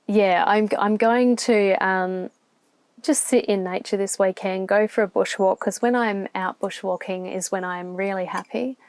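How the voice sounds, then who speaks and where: A woman's voice: mid-range voice, fairly even intonation, a little slow, darkish tone, no echo. Aussie woman talking to camera from her van, rambly and honest, a bit teary, dry close sound. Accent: Australian. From Australia. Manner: open, reflective, rambling with restarts. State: near tears at times. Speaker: van life vlogger. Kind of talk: candid solo vlog to camera. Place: campground, inside a van.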